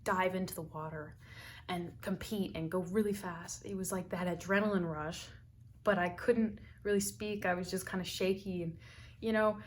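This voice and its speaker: A young American woman, talkative and quick to laugh, telling a personal story in a vlog. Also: on the low side, fairly even intonation, slight background noise. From United States. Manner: chatty and talkative, laughs often. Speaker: vlogger.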